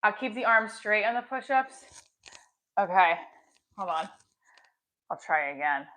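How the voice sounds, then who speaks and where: A woman's voice: medium pitch, lively intonation, measured pace, long pauses, pushed and bright. A middle-aged woman hosting a casual livestream, chatting while she exercises, with small effortful grunts. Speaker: livestream host.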